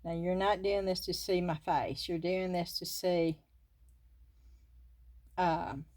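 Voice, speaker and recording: A woman's voice: on the low side, steady tone, slow, a little mellow, no echo. An older woman with a Southern US accent, hosting a casual craft unboxing and chatting to her viewers with frequent giggles. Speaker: craft channel host.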